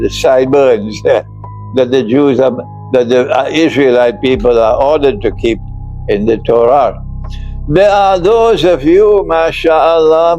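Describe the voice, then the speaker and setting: Slow-speaking older man lecturing. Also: mid-range voice, a little mellow, rough recording. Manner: slow and emphatic, often breaking into laughter. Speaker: Islamic scholar lecturing. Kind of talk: religious lecture.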